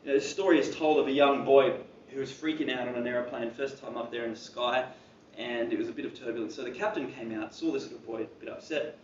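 A preacher gives a sermon in a church hall, conversational and sprinkled with casual asides. His ordinary-pitched voice, steady in tone and fast, sounds dull and muffled from a distant mic, wrapped in roomy echo and a faint ambient hum.

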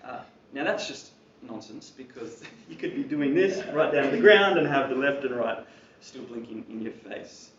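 A man's voice: mid-range voice, lively intonation, moderate pace, hardly any pauses, fairly bright tone, a little hiss or hum. A man preaching a sermon in a church hall, talking in a conversational way with casual asides. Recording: roomy, distant and dull-sounding.

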